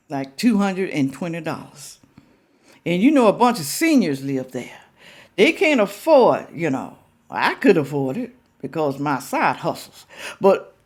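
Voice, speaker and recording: Lively-pitched older woman vlogger. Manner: emphatic, asks viewers rhetorical questions. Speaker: reaction vlogger. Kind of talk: casual chat to viewers.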